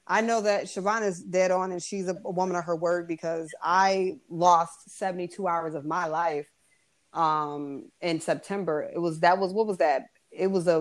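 A woman co-hosting a podcast, chatting in a relaxed way, laughing easily and trailing off into fillers. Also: lowish voice. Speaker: podcast co-host. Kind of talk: casual chat.

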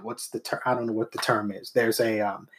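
A man's voice: lowish voice, steady tone, brisk. A man in casual conversation who tells stories from his own life and acts out the voices of the people he quotes. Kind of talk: casual chat.

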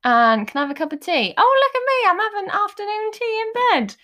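A contented husband lapping up being spoilt, as a woman mimics him. The voice goes high and gushing, playful and a bit mock-posh, in a casual podcast chat. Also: sing-song, brisk, bright, forceful tone, full character voice. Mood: delighted.

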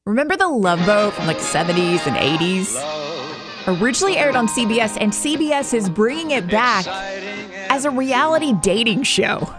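A woman's voice: fairly high pitch, expressive, moderate pace, over music. A woman hosting a morning radio show, chatty and emphatic, laughing easily as she talks.

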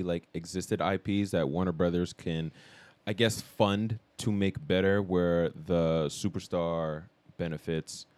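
A man co-hosting a casual podcast, quick with jokes and laughing with his friend. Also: sits low, darkish tone, clean tone, no room sound. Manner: joking, quick-witted, laughing. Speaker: podcast co-host.

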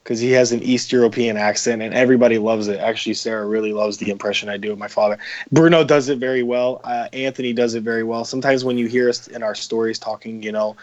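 A man's voice: medium pitch, fast. Rambling, profane man on a muffled line. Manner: rambling, profane, with many fillers. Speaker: podcast guest. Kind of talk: casual chat.

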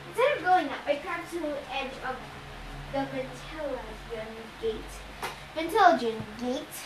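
Child reading a novel aloud, high voice. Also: fairly bright tone, echoey room, slight background noise, low-quality recording. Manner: reads with slips and restarts, repeating stumbled words. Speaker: reader of a novel.

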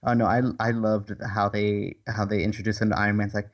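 A man's voice: fairly low pitch, level tone, quick pace. A man co-hosting a podcast, chatting casually about a superhero movie with enthusiasm and frequent um's and restarts. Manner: enthusiastic, hesitant with fillers and acted-out quotes. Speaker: podcast co-host. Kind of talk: casual movie review chat.

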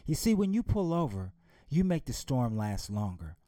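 A man voicing a calm, gentle father who soothes and reassures his daughter in a spoken story. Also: lowish voice, normal speed, no room sound, clean studio sound, voice pushed down. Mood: calm, reassuring.

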